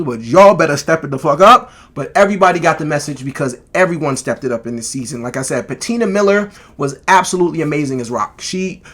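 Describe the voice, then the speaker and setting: A man giving a casual, emphatic video review of a TV series, swearing freely and getting worked up. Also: a little high. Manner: animated, emphatic, profane. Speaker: TV show reviewer.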